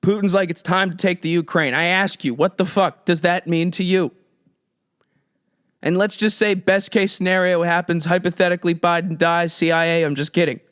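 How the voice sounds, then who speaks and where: Sarcastic, profane man with higher pitch. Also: steady tone, normal speed, fairly bright tone, clear, resonant tone, dry recording, clean studio sound. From United States. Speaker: podcast host. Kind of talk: comedic political rant.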